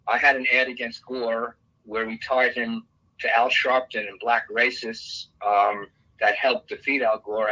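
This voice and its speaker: A man's voice: mid-range voice, pushed and bright, husky, rough recording. A middle-aged man, a podcast guest, talking in casual interview chat with blunt, quizzing questions. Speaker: podcast guest, political operative.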